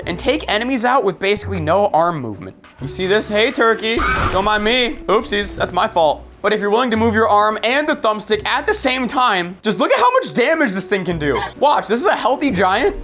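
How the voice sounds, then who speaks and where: Young male gaming host, lively pitch, jokey, faint music under. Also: a little fast, hardly any pauses. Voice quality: playful, jokey, animated. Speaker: gaming YouTuber. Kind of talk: comedic game tutorial. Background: faint background music.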